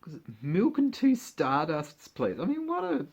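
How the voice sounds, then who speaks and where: A man's voice: high-pitched, wildly swooping pitch, moderate pace, vocal fry, darkish tone, slightly rough. A man, chatting casually as a vlogger, joking and laughing to himself as he leafs through an old magazine. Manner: chatty, giggly, joking asides while leafing through a magazine. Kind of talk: casual chat.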